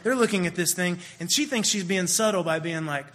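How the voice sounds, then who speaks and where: Animated young man, high voice. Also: fairly quick. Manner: animated, acts out quoted voices. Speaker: speaker. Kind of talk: comedic monologue.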